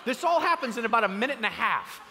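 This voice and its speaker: Pastor, man, bright and high-pitched, animated storyteller, reverberant sanctuary. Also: fast talker, vocal fry, slight background noise. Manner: animated storyteller, acts out voices. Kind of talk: sermon. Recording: long reverb in a large hall.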